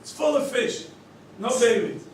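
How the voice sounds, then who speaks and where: A man's voice: extremely high pitch, a little slow, a little hiss or hum. A rabbi teaching a group through story cases, acting out the characters' lines and quizzing his listeners. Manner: animated storyteller who acts out the characters' quoted lines; quizzes listeners with questions and chuckles. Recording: very echoey room, voice from far off.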